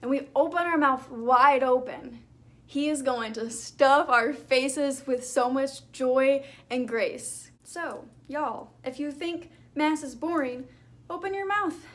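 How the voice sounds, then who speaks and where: A woman's voice: sits high, slow. A young woman vlogger talking earnestly about her faith in a chatty, casual way, with lots of fillers. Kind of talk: casual talk to camera.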